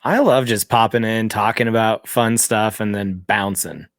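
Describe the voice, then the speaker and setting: A man's voice: fairly low pitch, fairly even intonation, normal speed, no echo. Upbeat male podcast host, dry sound. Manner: upbeat, laughs often, reads sponsor plugs. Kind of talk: casual interview chat.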